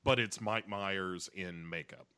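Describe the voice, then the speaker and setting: A man's voice: deep voice, measured pace, bright, forceful tone, clear, resonant tone. A man co-hosting a podcast, chatting casually and crudely with jokes and film quotes. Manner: joking, quoting films. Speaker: podcast co-host.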